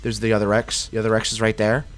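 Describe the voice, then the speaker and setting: A man's voice: on the low side, monotone, quick pace, soft background music. Exasperated cursing young man gaming. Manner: exasperated, profane, talking to in-game animals. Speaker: gaming video creator. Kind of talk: casual gameplay commentary and narration.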